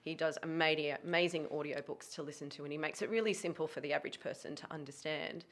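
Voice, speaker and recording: A woman who talks about dog training in a casual podcast chat, emphatic and full of quick self-corrections. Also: low-pitched, fairly even intonation, a bit bright.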